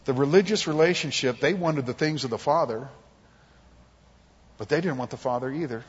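A man's voice: mid-range voice, moderate pace, husky, in a large hall, muffled recording. A man preaching a conversational sermon, acting out quotes and jokes from his family life. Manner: animated, conversational, acts out quotes. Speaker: pastor. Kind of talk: expository sermon.

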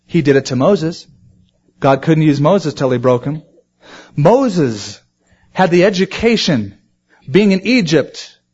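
A man preaching a sermon to his congregation, animated and acting out quoted voices. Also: on the high side, slightly rough, muffled recording. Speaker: pastor.

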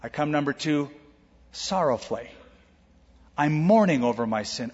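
A man pastor preaching a sermon, lively, acting out quoted voices with humor. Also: a little high, normal speed, long pauses, breathy edge. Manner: animated, acts out quoted voices with jokes. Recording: echoey hall, dull lo-fi sound.

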